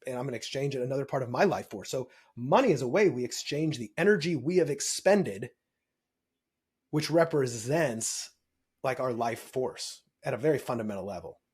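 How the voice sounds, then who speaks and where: A man speaking as a podcast guest, explaining things with energy and emphasis. His voice is husky and a little breathy, pitched in an ordinary middle range. He keeps pulling the listener along with quick "right?" check-ins. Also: animated, darkish tone. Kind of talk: explanatory interview talk.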